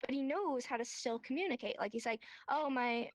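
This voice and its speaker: A woman teaching a sign language class online, explaining with lively acted-out examples. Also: sits high, fast, dry recording. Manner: animated, acts out examples in voices. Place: VR chat room.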